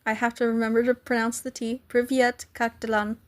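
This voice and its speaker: A woman's voice: on the high side, little pitch movement, brisk. A woman live streaming, chatting casually with viewers and playfully trying to pronounce foreign greetings.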